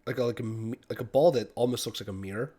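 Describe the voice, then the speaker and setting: A man running a tabletop game as game master, narrating scenes in a casual, loose way with frequent pauses to find words. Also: medium pitch, warm tone. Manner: casual, many fillers and restarts while describing.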